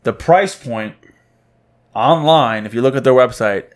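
A relaxed man of medium pitch co-hosts a casual podcast. He talks in a loose, easygoing way and swears now and then without thinking about it. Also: a little slow. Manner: laid-back, swears casually. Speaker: podcast co-host. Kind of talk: casual chat.

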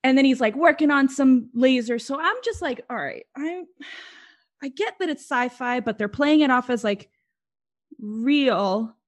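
A woman's voice: sits high, expressive, a little slow. A woman chatting casually as co-host, telling a rambling story and laughing often. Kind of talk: casual chat.

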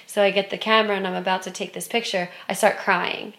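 A woman telling a personal spiritual story in an expressive way, moving from excited loudness to hushed softness. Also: medium pitch, quick pace.

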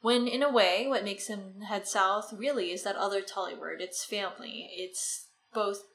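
A woman's voice: medium pitch, normal speed, fairly bright tone. A woman co-hosting a casual book discussion, retelling the story in a chatty way full of "like" and "right". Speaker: podcast co-host. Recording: echoey room with faint noise.

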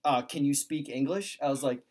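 A young man spins a long story in casual conversation, stacking fillers as he goes. He slips into quick little impressions of the people he is describing, and his pitch sits in an ordinary middle range. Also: darkish tone. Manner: rambling, lots of "like", quotes people in voices. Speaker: podcast host.

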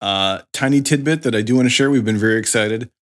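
A man in casual podcast chat who rambles through stories with frequent filler pauses. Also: on the low side. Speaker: podcast co-host.

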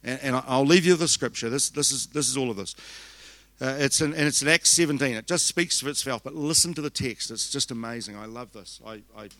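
A man's voice: medium pitch, a little fast, bright, forceful tone, dry recording. An older man with a New Zealand accent, preaching a conference sermon and telling stories with frequent restarts and laughter. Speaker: pastor.

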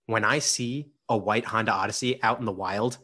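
A man's voice: fairly low pitch, fairly even intonation, moderate pace, pushed and bright, husky. A young man co-hosting a casual podcast, rambling and laughing, often repeating his words. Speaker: podcast co-host.

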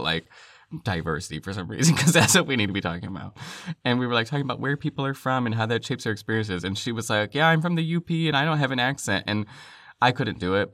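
A man's voice: fairly low pitch, a bit bright, no room sound, clean studio sound. A young man co-hosting a podcast, chatting casually, laughing often and mimicking accents. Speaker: podcast co-host. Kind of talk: casual chat.

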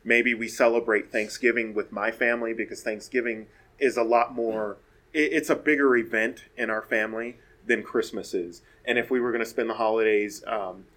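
A man casually telling stories about family and traditions, in a relaxed way with frequent fillers. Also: on the low side, moderate pace. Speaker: guest speaker. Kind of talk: casual storytelling.

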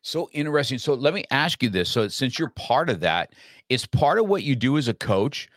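A middle-aged man hosting an interview in a brash, animated, direct way. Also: mid-range voice, moderate pace, no echo, studio quality. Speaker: podcast host. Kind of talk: conversational interview.

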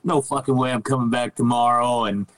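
A man's voice: medium pitch, steady tone, a little fast, fairly bright tone, rough recording. Laid-back swearing man telling stories. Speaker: podcast guest. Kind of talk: casual storytelling.

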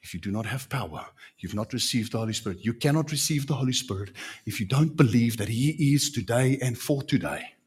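A man with a South African accent preaching a sermon in an animated, emphatic way, full of rhetorical questions. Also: medium pitch, a little fast, husky.

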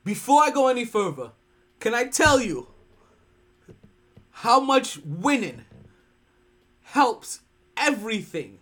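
A sports podcast host ranting in casual commentary, profane and animated, jumping from loud outbursts to hushed asides. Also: mid-range voice, slow pace, pauses often.

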